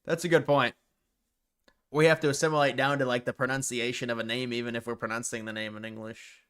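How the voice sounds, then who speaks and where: Smooth-voiced male livestream host. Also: mid-range voice, flat delivery, fairly bright tone. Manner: chatty, quick reactions, reads out chat questions. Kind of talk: casual live reaction chat.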